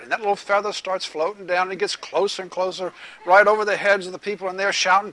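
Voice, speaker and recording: A man preaching a sermon to a live group, asking them questions and telling a lively joke. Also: high-pitched, quick pace, rough recording. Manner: animated storytelling, joke-telling.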